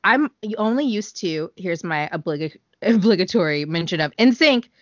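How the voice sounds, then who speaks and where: A chatty woman co-hosting a casual podcast, often breaking into laughter. Her voice sits a bit low for a woman. The audio is dry and a little dull. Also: lively intonation, moderate pace, no echo. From United States. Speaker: podcast co-host. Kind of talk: casual chat.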